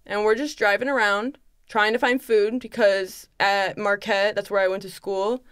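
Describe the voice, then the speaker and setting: Young woman, podcast guest, casual storytelling, quick quoted asides, dry sound. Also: medium pitch, clean tone, dry recording. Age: young adult. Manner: animated, quick retelling with many quoted asides. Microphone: studio microphone.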